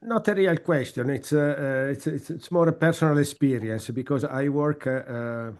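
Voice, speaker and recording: A man's voice: mid-range voice, moderate pace, darkish tone. A man from the Mediterranean in his fifties or older, co-hosting a webinar and telling a personal story while searching for words. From Mediterranean region. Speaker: co-host.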